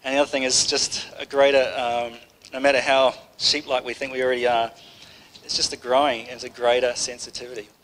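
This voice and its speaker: A man's voice: medium pitch, flat delivery, a little fast, fairly bright tone, slight background noise, poor audio. Man giving a rambling, conversational sermon. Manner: conversational, rambling, with many restarts. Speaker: preacher. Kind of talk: informal sermon.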